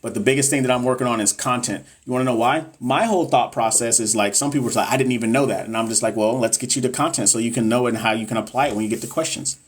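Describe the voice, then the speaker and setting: A man's voice: medium pitch, fast, hardly any pauses, husky. A man tutoring nursing exam students on a casual livestream, reading viewer comments and chatting loosely with lots of fillers. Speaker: NCLEX tutor and course seller. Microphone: phone or webcam on a livestream.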